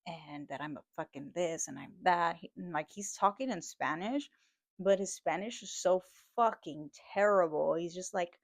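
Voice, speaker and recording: Young woman venting about her day, swearing a ton, kinda low voice, dry close mic. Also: unhurried, no room sound. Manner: heated, swears a lot, laughs between lines. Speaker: host. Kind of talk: casual rant storytelling.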